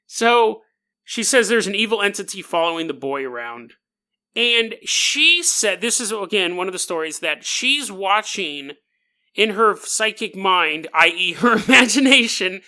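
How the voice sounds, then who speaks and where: A male podcast host telling a story with sarcastic jokes and frequent laughter. His voice sits high and has a very bright, sharp edge. The tone is casual and mocking. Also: expressive, a little slow. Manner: sarcastic, joking, laughs often.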